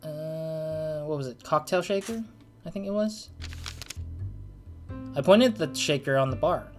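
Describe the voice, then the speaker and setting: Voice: mid-range voice, unhurried, long pauses, faint music behind. A let's play host commenting on a detective game and reading its text aloud, rambling and apologetic, with many restarts.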